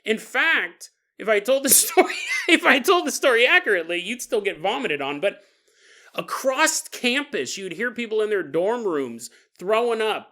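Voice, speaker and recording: A man's voice: sits high, normal speed. A man in his forties hosting a podcast, telling a paranormal story with jokes and silly put-on voices. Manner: jokey, animated, puts on silly voices for listeners. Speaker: podcast host.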